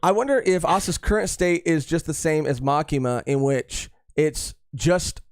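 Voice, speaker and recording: On a podcast live stream, this male co-host talks loosely and rambles, leaning on fillers and saying the same phrases again and again. His pitch runs on the high side and his speed is normal, captured in clean studio sound without echo.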